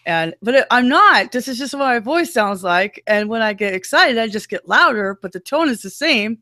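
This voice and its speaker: A woman with a low voice, co-hosting a casual web talk show and breaking into playful impressions as she talks. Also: animated, moderate pace, bright, forceful tone, no room sound, clean studio sound. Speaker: podcast co-host. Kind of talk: casual chat.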